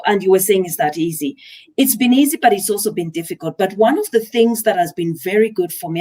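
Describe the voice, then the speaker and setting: A middle-aged woman from Zambia, speaking as an interview guest in a reflective, measured way. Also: lowish voice, darkish tone. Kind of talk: conversational interview.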